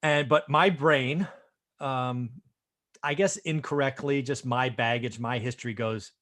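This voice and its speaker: A middle-aged man hosting a casual chat, telling a story in a self-deprecating, animated way and often tagging his lines with "right?". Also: medium pitch, measured pace. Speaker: host.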